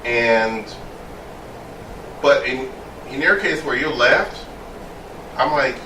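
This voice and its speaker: A gay man chatting casually as a co-host, emphatic and animated as he tells his stories. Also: medium pitch, very slow, pauses often. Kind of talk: casual chat. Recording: roomy sound from a distance with faint noise.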